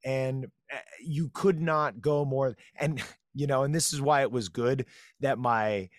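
A man's voice: medium pitch, a little slow, no echo, studio quality. A man co-hosting a podcast, talking casually and enthusiastically, rambling a little. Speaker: podcast co-host. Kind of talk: casual chat.

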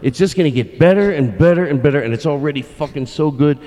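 A man hosting a casual studio chat with guests, excitable and joking, swearing often. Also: on the high side, fast, dry recording. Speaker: host.

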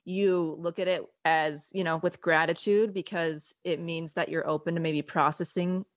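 Woman, podcast host, somewhat low pitch, casual, supportive, conversational. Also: fairly even intonation, normal speed, no room sound, studio quality. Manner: warmly supportive, casual, swears. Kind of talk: conversational interview.

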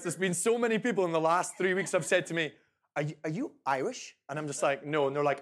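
A man's voice: on the high side, fast, a bit bright. A Scottish man in his twenties presenting a tasting to a live audience, chatty and repeating phrases for emphasis. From Scotland. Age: 20s. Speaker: brand ambassador presenting a tasting. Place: event room with a live audience.

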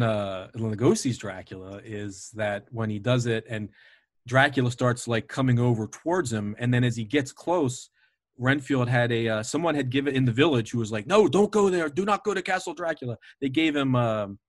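A man's voice: mid-range voice, moderate pace, no room sound, clean studio sound. A man hosting a podcast, chatting casually and eagerly, often digressing and laughing, over a remote call. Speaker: podcast host. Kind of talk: casual chat.

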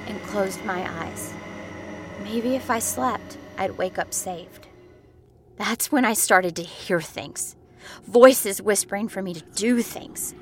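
A woman narrating a first-person scary story, building tension and sometimes dropping to a whisper. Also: mid-range voice. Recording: clear music bed behind voice.

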